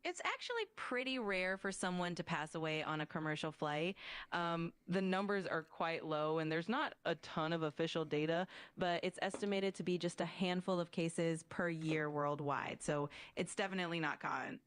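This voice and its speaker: A woman's AI assistant voice giving polite chatbot answers, with a touch of vocal fry. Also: on the low side, moderate pace, no echo.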